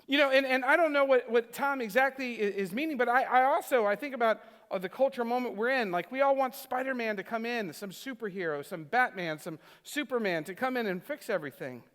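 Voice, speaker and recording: A man's voice: extremely high pitch, a little fast, hardly any pauses, a bit bright. A male pastor preaching a sermon in a chatty, self-deprecating storytelling way, often restarting his sentences. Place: church sanctuary. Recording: reverberant church hall.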